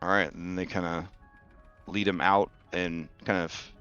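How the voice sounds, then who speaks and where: A man narrating a tabletop game as game master, slow and halting with many fillers. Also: sits low, level tone, fairly bright tone, clean tone, lo-fi sound, soft background music.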